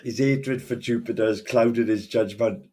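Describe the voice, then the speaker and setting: A man's voice: medium pitch, steady tone, moderate pace, warm tone. A man in a heated online argument, blunt, dismissive and swearing.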